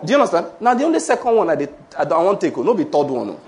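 With slight hiss or hum in the background, a pastor speaking Nigerian-accented English preaches rapid-fire in a slightly high voice, barely pausing. His animated sermon is full of rhetorical questions and calls for amen.

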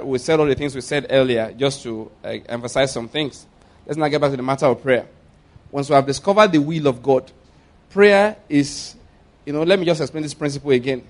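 Male pastor preaching, fairly high voice. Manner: repeats points and calls for congregation responses. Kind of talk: sermon.

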